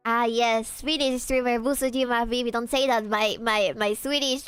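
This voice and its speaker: High, playful woman. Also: steady tone, moderate pace, few pauses, a bit bright, clean tone, no room sound. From Peru. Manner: joking, teasing, profane, reacting to chat. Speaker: VTuber streamer. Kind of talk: casual gaming stream chat.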